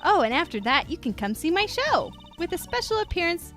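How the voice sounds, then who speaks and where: A woman's voice: very high voice, big pitch swings, brisk, a bit bright, soft background music, voice pushed up, heavily acted. A woman voicing a cheerful, bossy teenage girl magician from a video game, reading her lines aloud. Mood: perky.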